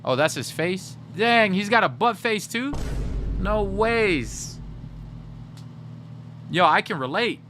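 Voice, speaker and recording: A young man hosting a livestream, chatting casually and teasing his viewers in a joking, animated way. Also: sits high, normal speed, hardly any pauses, slight background noise. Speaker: livestream host.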